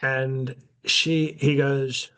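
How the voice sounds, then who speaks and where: A man playing a brash, boastful elderly president on a comedy podcast, rambling deadpan with constant self-interruptions. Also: mid-range voice, extremely slow, smooth. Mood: smug. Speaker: podcast host in character.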